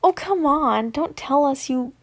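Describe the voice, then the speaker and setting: A woman's voice: high-pitched, animated, a little slow. A young woman voicing a mischievous male killer who teases his friends. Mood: teasing.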